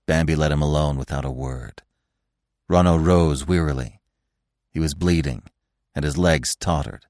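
A man's voice: very deep voice, normal speed, long pauses, darkish tone, no room sound, clean studio sound. A man narrating a classic children's story expressively as a podcast host. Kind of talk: audiobook narration.

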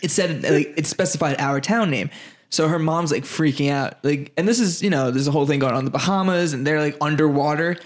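A man's voice: fairly high pitch, fairly quick. A young man co-hosting a podcast, telling stories in a rambling, laid-back way and laughing often. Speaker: podcast co-host. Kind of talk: casual podcast chat.

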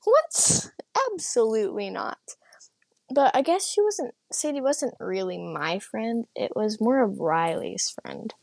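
A woman's voice: a little high, big pitch swings, unhurried, gravelly, few pauses, dark tone, no room sound. A teenage girl telling a personal story in a casual, rambling way, full of fillers, sometimes dropping into a whisper. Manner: chatty, rambling, full of "like", drops into whispered asides. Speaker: vlogger.

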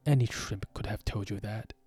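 A man voicing a solemn, impatient griffin creature in a storybook reading, with a deep voice. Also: normal speed, warm tone, husky, faint music behind.

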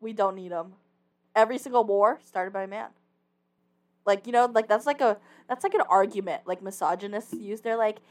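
A woman's voice: medium pitch, a little fast, a little mellow, far from the mic. A young woman co-hosting a casual podcast chat, blunt and swearing freely. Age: young adult. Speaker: podcast co-host.

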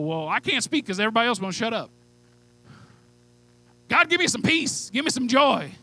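A man preaching a sermon with fervent, pleading delivery, moving from hushed asides to loud calls. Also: sits high, poor audio. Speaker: pastor.

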